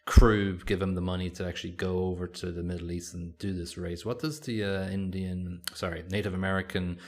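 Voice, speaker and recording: A man's voice: low voice, little pitch movement, brisk. A man co-hosting a podcast, chatting casually and rambling with lots of fillers. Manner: rambling, hesitant, many fillers. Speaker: podcast co-host. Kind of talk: casual chat.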